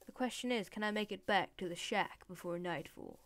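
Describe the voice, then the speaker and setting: A woman's voice: medium pitch, a little fast, background noise. A woman giving playful, chatty gameplay commentary, talking to in-game animals and dropping into whispered asides. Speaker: Let's Play gamer.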